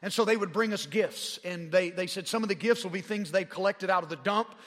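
Man, Southern drawl, forties, preacher, fervent storytelling, high voice. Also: brisk, a bit bright. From Arkansas. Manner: rising in pitch and volume as he gets fervent. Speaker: pastor. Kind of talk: sermon storytelling. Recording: long hall reverb.

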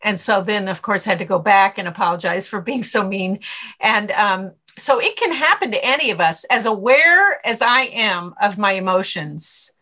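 A middle-aged woman, a stress coach, answering interview questions and telling lively anecdotes in which she acts out her own inner voice. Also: mid-range voice, normal speed. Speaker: author and stress coach guest.

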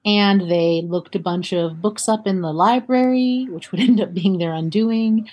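A woman's voice: mid-range voice, unhurried, darkish tone, husky. A woman co-hosting a casual podcast, telling a history story in a chatty way, often laughing. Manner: chatty, laughs often, reads quotes aloud. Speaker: podcast co-host.

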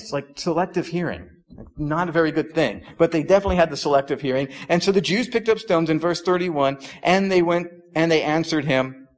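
A young adult man preaching a sermon as pastor in a conversational way, with frequent "like"s and restarts. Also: a little high.

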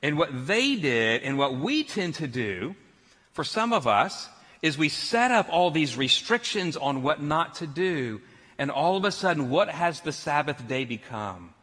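A man's voice: fairly high pitch, unhurried, in a large hall. A man preaching a sermon as pastor, telling stories with laughs. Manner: storytelling, animated with laughs.

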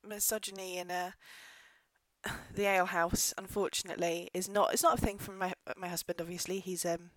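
Ranting and laughing on her casual solo podcast, a pregnant pub landlady swears occasionally and sometimes pulls away from the mic. Her voice is on the low side, with flat delivery at a slightly fast pace. A podcast microphone gives a dry, close sound, though the recording is rough.

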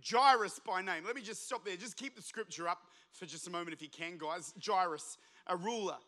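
Male pastor, impassioned preaching that rises to shouts; high-pitched, sharp and bright. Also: a little fast. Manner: impassioned, builds to shouting, acts out voices of the story. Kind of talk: sermon.

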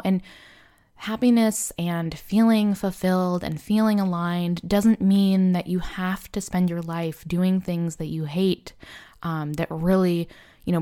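A woman's voice: fairly low pitch, steady tone, measured pace, dark tone, clear, resonant tone. A young woman hosting a casual motivational podcast, talking candidly and loosely with lots of "like" and "you know". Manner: candid and self-deprecating. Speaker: podcast host.

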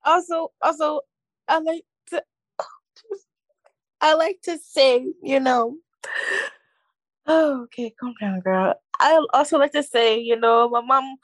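A teenage girl co-hosts a student podcast in a playful, joking way. Her voice sits a little high, and the sound is dry and close, with no room around it. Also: measured pace, no room sound. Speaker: podcast co-host. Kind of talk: casual chat.

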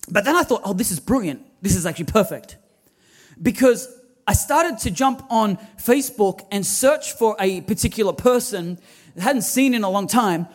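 A man's voice: high voice, animated, normal speed, darkish tone. A man, preaching a sermon as lead pastor, telling stories animatedly with quoted dialogue.

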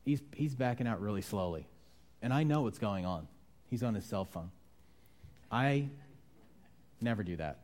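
A man preaching a conversational sermon, shifting from quiet reflection to loud, animated outbursts as he acts out voices. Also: on the low side, normal speed, long pauses. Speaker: pastor.

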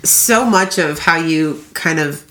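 Low-voiced, easygoing woman. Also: slow, over a noisy crowd. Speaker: podcast co-host. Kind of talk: casual chat.

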